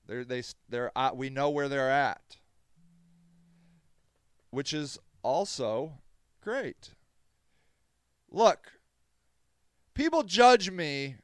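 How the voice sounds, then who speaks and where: Foul-mouthed ranting man, smooth clear voice. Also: mid-range voice, expressive, dry recording, studio quality. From Akron, Ohio. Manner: profane, heated and ranting; quick flashes of anger, loud outbursts. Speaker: podcast host. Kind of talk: reading news articles aloud and ranting about them.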